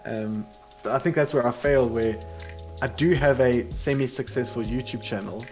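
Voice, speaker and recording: A man's voice: mid-range voice, normal speed. Hesitant South African man with music behind. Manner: hesitant, many fillers and restarts. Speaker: guest, content creator. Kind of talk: casual podcast chat.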